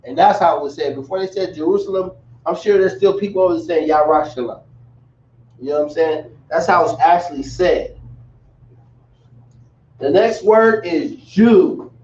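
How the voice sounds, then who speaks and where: A man's voice: fairly high pitch, a little fast, darkish tone, reverberant, highs cut off, a little hiss or hum. A man teaching a language class in a casual, repetitive way, calling his students y'all, recorded from a distant mic in a room.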